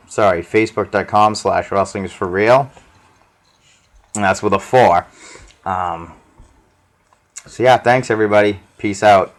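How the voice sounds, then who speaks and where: A man with a somewhat low voice hosts his own wrestling review show. He talks casually and with animation, filling the gaps with "um"s as he walks through the matches. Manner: chatty and animated, with frequent "um"s. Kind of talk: casual solo recap.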